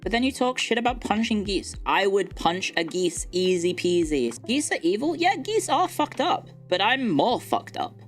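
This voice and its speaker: Young woman, streamer, boastful, playful, swears, lively pitch, soft music underneath. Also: normal speed, hardly any pauses. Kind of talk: casual stream chat reading viewer comments.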